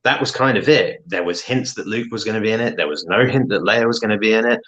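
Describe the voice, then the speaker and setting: A lower-pitched British man talks over a dull, lo-fi video call line. He chats casually as a guest co-host and often stops and restarts his thoughts. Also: quick pace, fairly bright tone. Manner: hesitant, many restarts. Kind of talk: casual chat.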